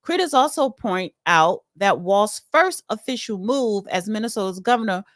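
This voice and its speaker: A woman's voice: mid-range voice, expressive, moderate pace, fairly bright tone, no room sound, clean studio sound. A woman hosting a casual solo commentary. She chats and reads news articles aloud, adding opinionated asides. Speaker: political commentary host.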